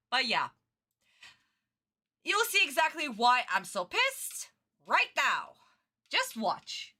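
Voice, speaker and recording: A woman streamer giving excitable, foul-mouthed reaction commentary on a cartoon, talking close into her own microphone from bed. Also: fairly high pitch. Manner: excitable, swears freely, exaggerated outrage. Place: in bed at home. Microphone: own desk microphone, close.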